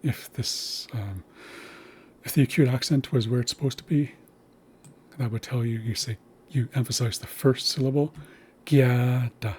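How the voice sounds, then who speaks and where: A man giving a recorded language lesson, patiently explaining and slowly repeating consonant sounds. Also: medium pitch, a little mellow, slightly rough. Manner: patient, slow demonstrations of sounds. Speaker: language teacher.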